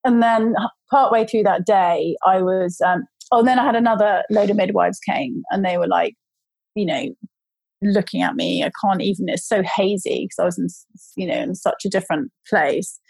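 A woman's voice: mid-range voice, normal speed, vocal fry, darkish tone, slightly rough, dry recording, low-quality recording. A woman casually telling a long personal story, with many fillers and restarts. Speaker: guest telling her birth story.

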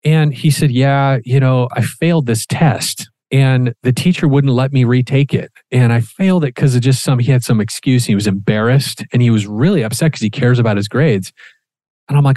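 Podcast co-host, male, mid-pitched, lively storyteller who swears casually, dry booth sound. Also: normal speed, dry recording. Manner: animated, acts out quoted dialogue, swears casually.

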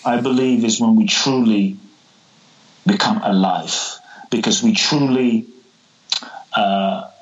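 Low-voiced man telling an animated story. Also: slow, pauses often, muffled recording. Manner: animated storyteller, repeats words, voices characters. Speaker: guest, spiritual teacher. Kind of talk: storytelling in a podcast interview.

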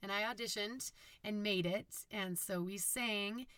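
A woman from Utah with a low, raspy, husky voice, chatting casually on her own podcast and rambling with fillers and self-corrections. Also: fairly even intonation, a little slow, a bit bright, no room sound. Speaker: podcast host. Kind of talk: casual solo podcast monologue.

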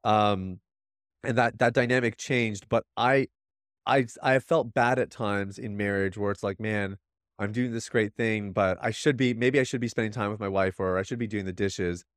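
A man's voice: on the low side, steady tone, normal speed, clean tone, no room sound, clean studio sound. A man in his thirties, a podcast guest, talking earnestly and reflectively in casual conversation, with many restarts.

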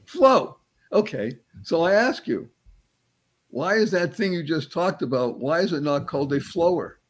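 A man giving an animated, uplifting motivational talk as a guest. He quizzes his listener playfully and slows and stretches words to stress a point. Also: fairly high pitch. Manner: playful, teacherly, quizzes the host; spiritual, uplifting tone. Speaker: guest speaker.

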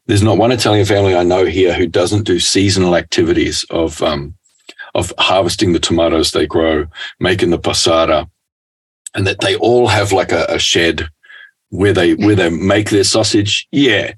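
A middle-aged man talking as a guest in a relaxed, rambling conversation, laughing often. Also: low-pitched, moderate pace, husky. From Australia. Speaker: guest author.

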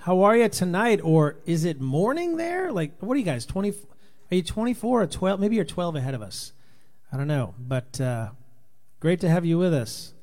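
A touring Christian musician from Rhode Island, USA, hosts a relaxed livestream, greeting viewers one by one by name and reading their comments as they arrive. His somewhat high voice sounds tired and worn from long touring, and he rambles loosely at a moderate pace.

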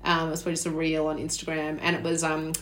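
Lower-voiced woman, animated storyteller. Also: fast talker. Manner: animated storyteller, laughs often. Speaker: podcast co-host. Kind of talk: casual chat. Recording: echoey room.

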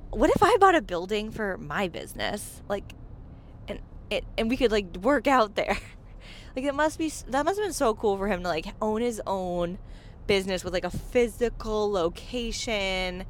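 A woman's voice: medium pitch, a little hiss or hum. A pregnant woman in her thirties hosting a casual solo podcast, chatty, saying "like" often and laughing between phrases. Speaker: podcast host.

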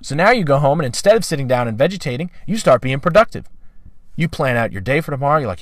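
A man giving a talk on dog training, emphatic and repetitive, acting out short quoted voices and clearing his throat now and then. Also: mid-range voice, big pitch swings, quick pace, no room sound. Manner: emphatic, repeats key phrases, acts out quoted voices.

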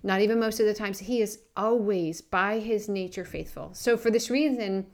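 A woman's voice: mid-range voice, normal speed. A woman co-hosting a Christian podcast, earnestly telling a story and acting out its characters. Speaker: podcast co-host. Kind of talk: faith podcast chat with storytelling.

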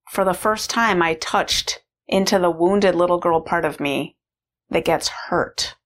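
A woman's voice: on the low side, fairly bright tone. Woman telling a candid personal story. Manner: candid, reflective, with fillers and restarts. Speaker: course participant sharing a personal story. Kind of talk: personal testimonial talk.

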